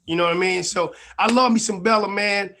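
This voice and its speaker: High-voiced easygoing man hosting a show. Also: fairly even intonation, a little fast, bright, forceful tone. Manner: easygoing, folksy, repeats "man" and "y'all". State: a little under the weather. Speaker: show host. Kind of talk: casual live-stream podcast intro.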